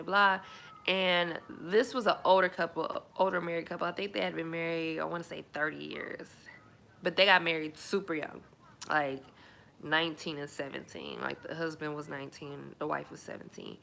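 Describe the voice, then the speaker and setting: A woman's voice: fairly low pitch, creaky, bright, forceful tone, a little hiss or hum. A young woman, chatting candidly and emphatically to camera as a single mom. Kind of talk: casual chat to camera.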